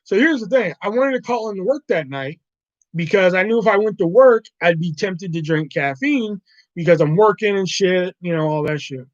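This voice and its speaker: A man's voice: sits high, lively intonation, moderate pace, dry recording. A man hosting a live stream at home, telling a rambling, profane story in casual talk and laughing often. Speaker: livestream host. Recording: dull lo-fi dry mic.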